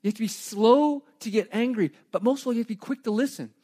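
Middle-aged guy preaching, highish voice, chatty and animated with little jokes. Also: fast talker. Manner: conversational, animated preaching with asides and humor. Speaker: pastor. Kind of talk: sermon.

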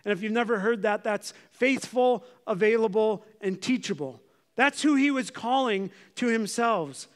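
A man's voice: high-pitched, animated, moderate pace. A man preaching a sermon as pastor, talking conversationally and putting questions to the congregation. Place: church.

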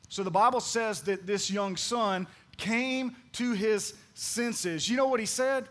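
A man preaching a sermon in a drawl, his voice sitting high for a man. He keeps turning to the congregation, calling for answers and acting out the people in his stories. The delivery is lively and theatrical. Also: slow pace. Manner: preaching with call-and-response to the congregation; dramatic, acts out quoted voices. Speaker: pastor.

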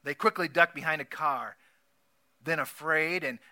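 A man preaching a sermon, repeating key phrases emphatically and swinging between loud declarations and soft asides. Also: a little high, moderate pace. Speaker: pastor.

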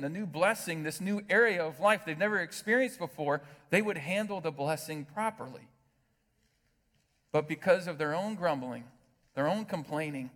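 A man preaching a sermon as pastor, animated, asking the congregation rhetorical questions. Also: fairly high pitch. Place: church hall with long reverb. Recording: reverberant hall sound.

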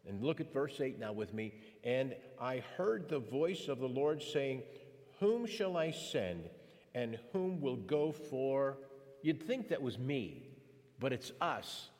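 A man preaching a sermon and reading scripture, emphatic, building intensity with dramatic pauses. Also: a little high. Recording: long hall reverb.

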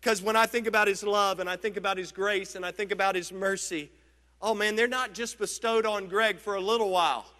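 A man's voice: sits high, steady tone, sharp tone, long reverb tail. A man preaching a sermon as pastor, emphatic, stretching out key words. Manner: emphatic preaching, drawn-out stresses.

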